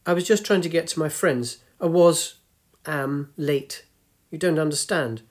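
A man voicing a brisk, hurried young software engineer in a storybook reading, curt and easily flustered. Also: on the high side, natural voice.

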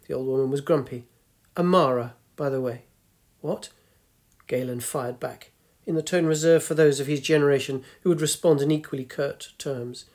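A man narrating a story in a measured, gently descriptive way. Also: medium pitch, fairly even intonation. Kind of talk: scripted narration.

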